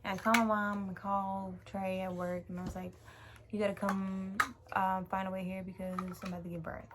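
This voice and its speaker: A woman's voice: mid-range voice, little pitch movement, brisk. Young woman vlogger telling a birth story, emotional and sweary, hiss in the background. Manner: emotional, swears casually, many fillers. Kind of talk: casual storytelling. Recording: clear background noise.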